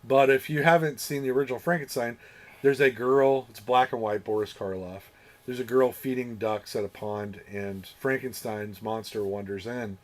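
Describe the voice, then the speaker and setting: A man's voice: medium pitch, fairly even intonation, moderate pace. A man hosting a podcast, swearing and laughing as he recaps a film in casual, rambling chat. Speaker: podcast host. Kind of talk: casual movie review chat.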